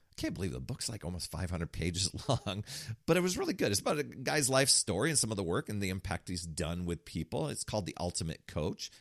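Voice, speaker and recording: A man's voice: on the low side, dry recording, clean studio sound. A man hosting a podcast, telling a story in a casual, motivational way with frequent restarts. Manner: storytelling, animated, restarts often. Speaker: podcast host.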